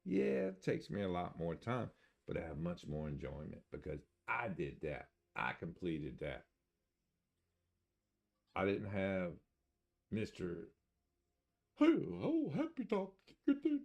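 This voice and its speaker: A man's voice: deep voice, very animated, measured pace, creaky. An older man streaming a video game, chatting casually in a rambling, folksy way and chuckling to himself. He mentions having an accent. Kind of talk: casual live-stream chat.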